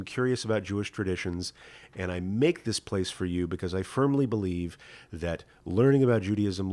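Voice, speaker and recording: Welcoming rabbi, low-voiced man. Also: a little mellow. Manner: conversational, welcoming, frequent fillers. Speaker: rabbi and podcast host. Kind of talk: live-streamed teaching and chat.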